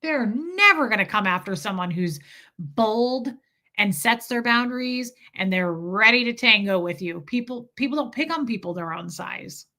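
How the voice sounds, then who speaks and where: A woman's voice: fairly high pitch, expressive, moderate pace, pushed and bright. A woman hosting a casual livestream, chatting candidly and reacting to viewer comments and super chats.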